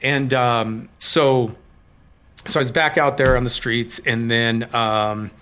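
Middle-aged man from Colorado, interview guest; bright, pushing tone, candid, halting delivery. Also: mid-range voice, steady tone, smooth. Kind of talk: personal recovery story in an interview.

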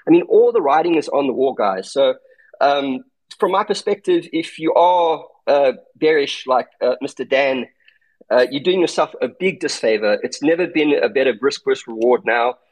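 Husky South African man, emphatic. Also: medium pitch, animated, moderate pace, poor audio. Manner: emphatic, tags points with "okay?" and "right?". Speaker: crypto trader and guest speaker. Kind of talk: casual market commentary in an online audio room.

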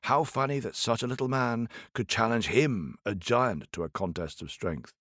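A man telling a folk tale to children in a playful, expressive way, speaking straight to his listeners. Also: mid-range voice, normal speed, no echo, studio quality. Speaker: storyteller. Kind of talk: animated storytelling for children.

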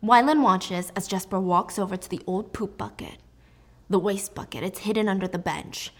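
A young woman recapping a story in a casual, jokey and animated way. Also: mid-range voice, moderate pace. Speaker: book recap host.

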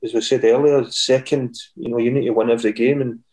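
Speaking fast in a steady, slightly mellow voice of medium pitch, a middle-aged former footballer with a Scottish accent rambles through stories as a podcast guest, imitating the voices of others. The audio quality is poor.

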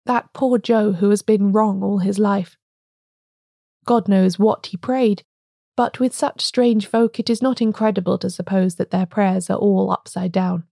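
A woman's voice: mid-range voice, steady tone, measured pace, gravelly, warm tone, no room sound, studio quality. A woman reading a storybook voicing an agitated, stammering male curate. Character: nervous excited male curate, feverish.

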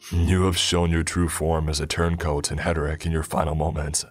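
Brief: man doing a cruel unseen prophet, very deep, cold, mocking, garbled. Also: steady tone, normal speed, husky, faint music behind. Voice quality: garbled, distorted. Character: cold disembodied male cult prophet, cruel, commanding.

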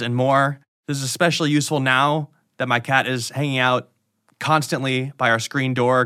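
A man's voice: medium pitch, bright, forceful tone, no room sound. Male host, casual sponsor read, dry close sound. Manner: casual, chatty ad reading. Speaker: podcast host.

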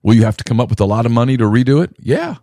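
A man co-hosting a sports podcast in casual talk, emphatic and repetitive, jumping up to a near shout on the points he presses. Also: mid-range voice, lively intonation, rapid-fire, no room sound, studio quality. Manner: emphatic, repeats himself, rising to a near shout on key phrases. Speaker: podcast co-host.

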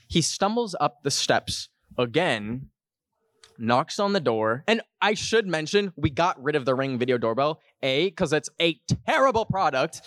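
A young man hosting a podcast, telling a comic story to a live audience in an animated, jokey way. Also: dry recording, studio quality. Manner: animated, jokey, puts on high voices for quotes. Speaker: podcast host.

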